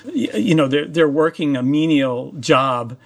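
Reflective male host, mid-high voice, lots of restarts. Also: expressive, gravelly. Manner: thoughtful, halting, many restarts. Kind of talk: interview.

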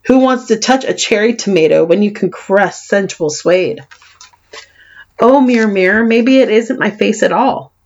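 A woman's voice: moderate pace, a little mellow. A woman with a Californian accent and a faint lisp reads her own writing aloud with theatrical, self-deprecating flair. Her voice swings between mock despair and wry asides. The recording sounds slightly dull and muffled. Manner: dramatic, self-mocking, wide swings in pitch and volume. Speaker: author reading her book. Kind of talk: expressive reading of memoir prose.

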